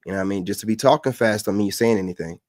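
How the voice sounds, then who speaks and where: Man from the Carolinas, lecturing reaction host, lowish voice, dry close sound. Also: rapid-fire, darkish tone, dry recording. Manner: lecturing, repeats points for emphasis. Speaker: commentator reacting to clips. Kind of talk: casual reaction commentary.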